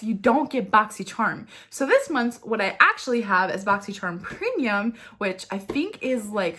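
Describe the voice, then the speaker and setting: A young woman vlogging a beauty unboxing, gushing and tearful with excitement, talking straight to the camera. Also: on the high side, a little hiss or hum.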